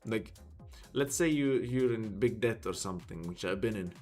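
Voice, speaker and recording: A man's voice: on the low side, moderate pace, darkish tone, soft background music. A man from Sweden with a Swedish accent, chatting casually on a live stream, rambling with lots of fillers as he thinks aloud. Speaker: livestreamer.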